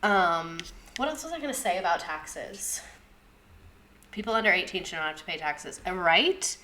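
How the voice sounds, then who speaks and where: A woman's voice: fairly low pitch, expressive, moderate pace, sharp tone, a little hiss or hum. A young woman teacher giving a casual history lesson, chatty and sarcastic, swearing and drifting into tangents.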